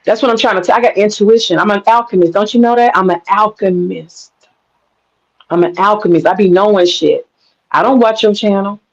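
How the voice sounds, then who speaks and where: A woman's voice: mid-range voice, fast talker. A woman calling into a live stream, arguing insistently and mockingly, repeating her points with crude slang. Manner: insistent, repeats phrases for emphasis. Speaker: guest caller on a live stream panel. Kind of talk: heated live stream argument. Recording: dull lo-fi stream audio.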